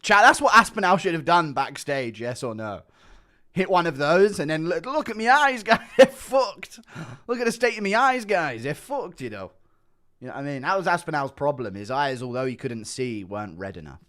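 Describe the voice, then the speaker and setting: A man's voice: on the high side, sing-song, normal speed, a bit bright. A man hosting a live stream, rambling in casual chat and mocking himself while swearing freely. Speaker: streamer host.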